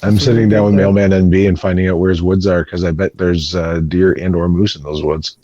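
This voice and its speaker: Very low fast-talking Canadian man. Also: little pitch movement, mellow, no room sound, dull audio. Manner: quick, offhand, a little scattered. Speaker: podcast panelist. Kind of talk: casual podcast chat.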